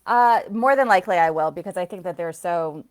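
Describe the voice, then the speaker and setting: A woman's voice: on the low side, a little fast. A woman psychic reader chatting loosely on a live stream, rambling from thought to thought, laughing often and answering viewers by name. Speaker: psychic reader and soul coach. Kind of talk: casual live-stream chat.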